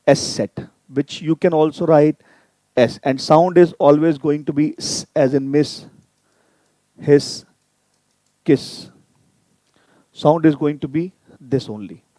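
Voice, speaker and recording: Slow, mellow man drilling pronunciation. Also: on the high side, no room sound. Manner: repeats sounds slowly to drill pronunciation; addresses viewers directly, inviting typed questions. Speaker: German language teacher. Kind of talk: live online language lesson.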